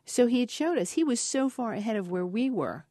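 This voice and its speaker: A woman researcher being interviewed, telling lively anecdotes and acting out the voices in them. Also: a little high, brisk, no echo, clean studio sound. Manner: animated storyteller, acts out voices in anecdotes. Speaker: parrot researcher guest. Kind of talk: interview storytelling.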